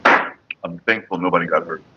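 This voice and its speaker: A man's voice: low voice, steady tone, normal speed, slightly rough, lo-fi sound. A man chatting casually and profanely on a morning livestream, rambling to his viewers and his partner. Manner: sings loudly and off-key at times. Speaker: vlogger.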